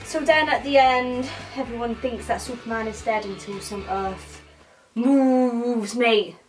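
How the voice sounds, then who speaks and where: Woman, comic film review, rambling, slangy, high-ish voice, faint music. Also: moderate pace, low-quality recording.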